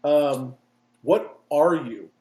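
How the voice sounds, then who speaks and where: A man's voice: on the high side, extremely slow, darkish tone, echoey room. A man playing a tabletop game casually, eager and curious. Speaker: player. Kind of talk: casual tabletop role-play.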